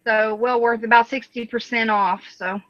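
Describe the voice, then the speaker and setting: A woman's voice: on the high side, steady tone, moderate pace, a bit bright, dry recording, muffled recording. A woman hosting a casual online panel who chats and reads viewer comments aloud. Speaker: panel host.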